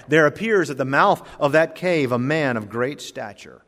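A male pastor preaching a sermon and reading scripture, with dramatic swings between loud emphasis and quiet asides. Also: a little high, lively intonation, moderate pace, hardly any pauses. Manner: reads scripture in King James wording. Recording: long hall reverb.

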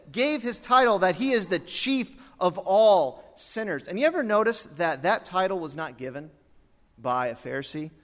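A man preaching a sermon, swinging from loud emphasis to hushed, drawn-out words. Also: high voice, big-room sound. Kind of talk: sermon with storytelling.

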